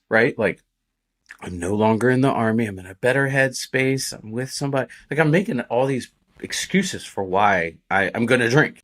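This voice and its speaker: A man's voice: medium pitch, animated, moderate pace, fairly bright tone. A man, a podcast guest, telling his own story in a candid, casual way, swearing often and using many fillers.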